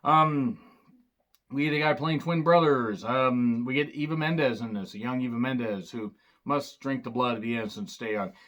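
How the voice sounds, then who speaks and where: A man talks through a casual film review in a mid-range voice, neither high nor low. He rambles loosely and keeps dropping sarcastic jokes and asides. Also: moderate pace, a bit bright. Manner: loose and rambling, with fillers and restarts. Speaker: movie reviewer.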